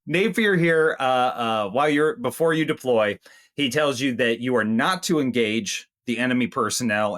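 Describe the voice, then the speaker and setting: A man's voice: medium pitch, a bit bright. A man co-hosting a movie review chat, joking around and slipping into mock quotes. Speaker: movie review podcast co-host. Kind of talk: casual chat.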